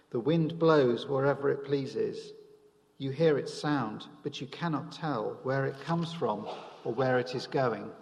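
Man, scripture reading, measured, gravelly, long reverb. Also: medium pitch, darkish tone. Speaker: scripture reader. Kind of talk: Bible reading in church. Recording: church hall with long reverb.

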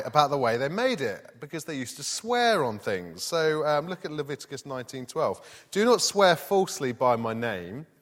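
Man, preacher, animated pitch, conversational sermon, long hall reverb. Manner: lively, conversational, reads scripture aloud.

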